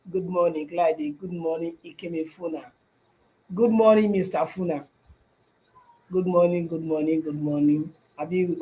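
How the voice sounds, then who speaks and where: High-voiced Nigerian man chatting on a livestream. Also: low-quality recording. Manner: repeats phrases, keeps asking "you understand?". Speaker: livestream host. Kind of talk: casual livestream chat. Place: his shop.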